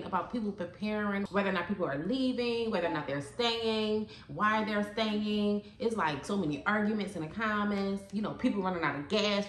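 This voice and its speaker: A woman's voice: mid-range voice, fairly bright tone, reverberant, a little hiss or hum. A woman vlogger, a mother in her thirties, chatting earnestly and emotionally to her viewers, saying "y'all" often. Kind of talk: casual vlog chat.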